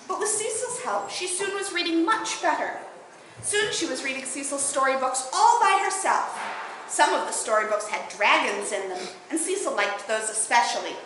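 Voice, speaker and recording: Woman storyteller telling a fairy tale out loud, bright and lively, lots of hall echo, faint background hum. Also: high voice. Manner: expressive, lilting. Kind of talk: oral storytelling at a bardic gathering. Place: indoor event hall, live audience. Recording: very echoey hall.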